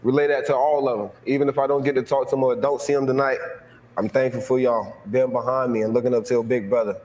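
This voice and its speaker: A young man from Florida speaks from a stage in a big reverberant hall, his voice at an ordinary pitch. He gives a heartfelt, emotional acceptance speech in loose, casual slang and repeats his thanks. A faint hum of noise sits under the room echo. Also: little pitch movement, fast, darkish tone. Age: young adult. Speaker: award winner giving a speech.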